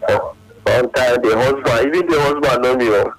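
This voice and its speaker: A Nigerian man calling in to a radio show, telling a halting, emotional story of lost love in pidgin-laced English. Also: medium pitch, soft background music, rough recording. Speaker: caller.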